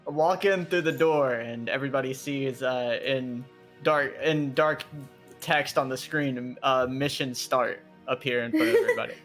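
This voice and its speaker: A man's voice: mid-range voice, very animated, moderate pace, few pauses, a bit bright, soft background music. A man playing in a tabletop game, casual and hesitant. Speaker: player. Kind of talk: tabletop role-play.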